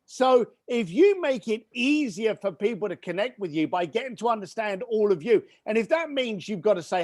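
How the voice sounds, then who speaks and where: Brief: British male guest, middle-aged, bursting with enthusiasm, high and sing-song delivery. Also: a little mellow, no echo, studio quality. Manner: enthusiastic, emphatic, quirky. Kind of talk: conversational business advice.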